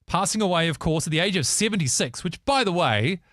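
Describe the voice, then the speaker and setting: Playful New radio host, dry studio. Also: male voice, sits high, expressive, fairly quick, a bit bright, no echo. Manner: playful, joking banter. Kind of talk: casual news chat.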